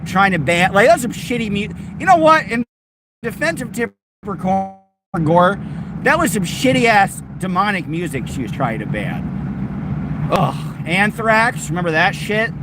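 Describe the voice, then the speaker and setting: A man's voice: sits high, big pitch swings, normal speed, noisy background. A man rambling to his live-stream chat while driving, sarcastic and joking. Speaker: livestreamer. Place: in a car, driving.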